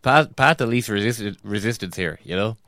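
A man's voice: fairly low pitch, moderate pace, pushed and bright, no room sound. A man co-hosting a casual football podcast, mostly chipping in with brief interjections and dry quips. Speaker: podcast co-host.

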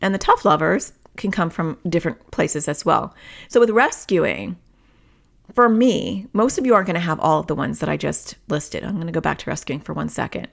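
Low, gravelly-voiced woman podcast host. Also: a little fast, few pauses. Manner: conversational, explains through everyday examples. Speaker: podcast host and parenting therapist. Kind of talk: casual solo podcast talk.

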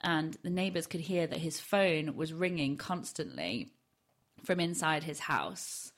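A woman's voice: deep voice, expressive, unhurried. Chatty English woman, true-crime podcast host. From Yorkshire, England. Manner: chatty, self-deprecating, laughs often.

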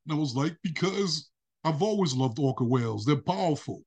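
A man with a husky, slightly breathy voice that sits a bit higher than most men's. He tells a story on a podcast in a lively, casual way and acts out the other people's voices as he goes. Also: a little fast. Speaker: podcast guest.

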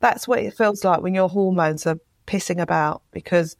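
A woman's voice: lowish voice, normal speed, vocal fry, no room sound. A woman, a writer speaking as an interview guest, retelling her experience with feeling and acting out quotes. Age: 50s. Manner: emotional, animated retelling with acted-out quotes. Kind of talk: candid interview talk.

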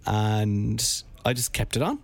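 A man's voice: fairly low pitch, a little slow, creaky. A man with an Irish accent, a radio host chatting playfully with his co-hosts and bursting into jokes. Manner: playful, jokey, with sudden bursts. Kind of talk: casual chat.

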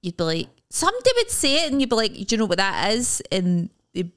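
A woman's voice: medium pitch, huge pitch swings, quick pace. Rambling Scottish woman storyteller. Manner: rambling, acts out quoted dialogue. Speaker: podcast co-host. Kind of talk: casual chat.

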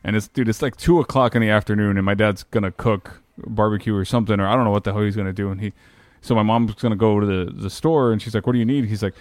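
A low-voiced man in his thirties spins a long, rambling anecdote, swearing freely and laughing at himself as he goes. The sound is dry and close, with no room around it. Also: fairly even intonation, fast talker, no room sound. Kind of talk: casual chat.

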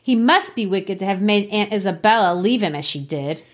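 A headstrong teenage girl, indignant and firm, read aloud by a woman. Her voice is mid-pitched, and the delivery is that of a dramatized reading. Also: lively intonation, moderate pace, close to an everyday voice.

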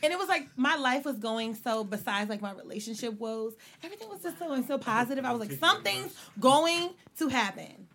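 Animated woman telling stories, bright voice. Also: fairly high pitch, fast talker, hardly any pauses, a little hiss or hum. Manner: animated, laughing, swearing freely. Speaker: podcast co-host. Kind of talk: casual storytelling chat.

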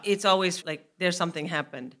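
A woman in her forties, a comedian guest, telling an animated comic anecdote with laughter in her voice on a live podcast. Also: fairly low pitch, brisk.

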